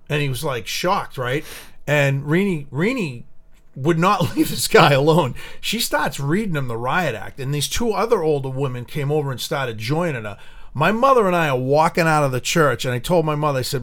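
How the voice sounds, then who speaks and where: Profane, animated male storyteller. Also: fairly high pitch, normal speed. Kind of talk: casual storytelling chat.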